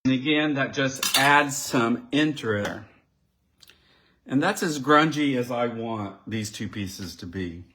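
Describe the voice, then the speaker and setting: A man at mid pitch talks his viewers through a live card-making demo at an unhurried, slow pace. He thinks aloud as he works, pausing and restarting, and chats to the people watching as if they were in the room. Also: pushed and bright. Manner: chatty, thinks aloud while working; addresses live viewers directly. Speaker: crafting demonstrator.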